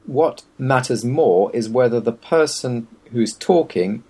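A man's voice: medium pitch, expressive, slow pace, dark tone, breathy edge. A man in casual conversation, giving wry, opinionated and meandering explanations. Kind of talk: casual chat.

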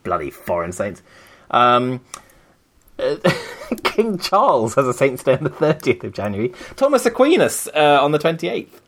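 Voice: medium pitch, big pitch swings, moderate pace. A podcast co-host in casual, playful chat, often laughing.

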